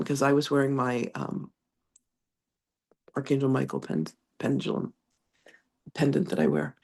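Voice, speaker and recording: A congested woman who is a reverend and psychic medium chats through animated anecdotes with frequent laughter, then reads a channeled spiritual message. Her voice is extremely low, creaky and slightly rough, at a moderate pace with frequent pauses.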